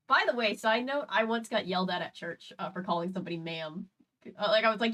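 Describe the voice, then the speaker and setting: A woman's voice: medium pitch, fast, a bit bright, poor audio. A woman from the US South hosting a podcast, reading a novel aloud and breaking off for chatty, sarcastic asides. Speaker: podcast host.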